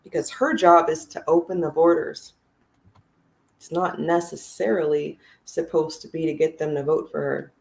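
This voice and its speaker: A woman's voice: sits low, fairly even intonation, normal speed, vocal fry, darkish tone. A woman giving blunt, sarcastic, profane political commentary on a casual livestream.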